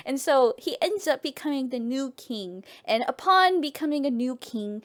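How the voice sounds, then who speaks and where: High, bubbly woman streamer telling a tale. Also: lively intonation, moderate pace, few pauses. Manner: playful, profane, trailing off and restarting. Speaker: streamer and storyteller. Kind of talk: casual comedic storytelling to a live chat.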